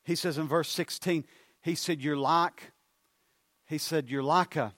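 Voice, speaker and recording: A man preaching a sermon, moving from hushed storytelling to loud, fervent appeals. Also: a little high, fairly even intonation, a little slow, dry recording.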